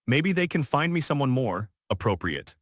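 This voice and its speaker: A man's voice: medium pitch, very animated, moderate pace, fairly bright tone, no echo, clean studio sound. A man doing an arrogant, condescending businessman. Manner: condescending and assertive.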